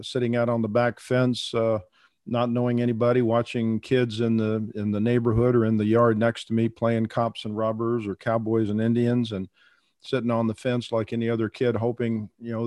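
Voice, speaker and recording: A man's voice: mid-range voice, a little mellow, no room sound, clean studio sound. Reflective older man, stuttering guest. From Minnesota and Texas, US. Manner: reflective, many fillers like uh and um, stutters. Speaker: guest, veterinarian. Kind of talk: interview. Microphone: remote call.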